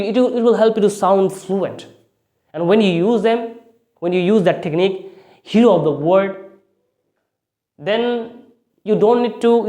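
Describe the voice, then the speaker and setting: A man's voice: high-pitched, warm tone. A man giving a spoken English lesson, often restarting phrases and leaning hard on key words. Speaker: English speaking teacher.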